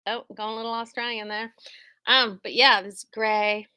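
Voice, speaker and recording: A woman's voice: on the high side, normal speed, clear, resonant tone. A middle-aged woman who owns a quilt shop, chatting casually to viewers, wandering into tangents and poking fun at herself. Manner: chatty, tangent-prone, self-deprecating, lively asides. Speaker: quilt shop owner and host.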